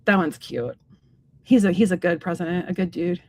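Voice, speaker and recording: A woman's voice: on the low side, expressive, normal speed, crowd noise. A woman co-hosting a casual live stream, talking in a rambling, chatty way with lots of fillers and playful quoted voices. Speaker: psychic medium, stream co-host.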